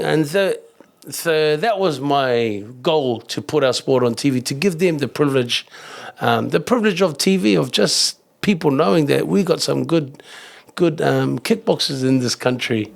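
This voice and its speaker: A middle-aged man with a New Zealand accent, a kickboxing champion telling rambling, animated stories in a casual interview, swearing and acting out other people's voices. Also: a little high, normal speed, creaky. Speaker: kickboxing champion and coach, guest.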